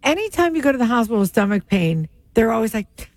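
A woman's voice: on the high side, very animated, fast, dry recording. A woman co-hosting a casual comedy chat show, joking and slipping into silly voices. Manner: jokey, puts on silly voices. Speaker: co-host.

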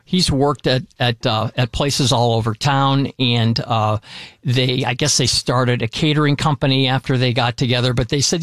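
A man's voice: mid-range voice, fairly even intonation, normal speed, fairly bright tone, dry recording, studio quality. A man co-hosting a casual talk show about dining out, telling stories with many restarts and repeated words. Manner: rambling storyteller with many restarts. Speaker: radio show co-host talking about local dining. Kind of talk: casual chat.

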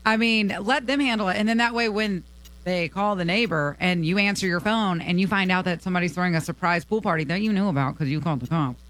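A man's voice: sits high, quick pace, a bit bright, rough recording. A man co-hosting a radio show, joking and spinning mock scenarios in casual banter.

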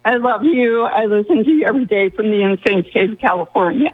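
Woman caller, giggly, a little husky, tinny phone line. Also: mid-range voice, a little fast. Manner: giggly, gushing.

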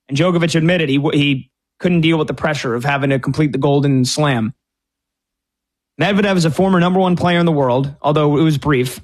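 Opinionated man giving tennis betting picks. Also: on the high side. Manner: opinionated, rambling, many restarts. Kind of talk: sports betting commentary.

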